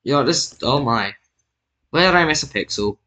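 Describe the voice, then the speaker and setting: Bright-voiced man narrating casually. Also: mid-range voice, expressive, moderate pace, poor audio. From Britain. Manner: rambling, self-correcting, jokey asides. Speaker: map video creator. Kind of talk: casual narration over screen recording.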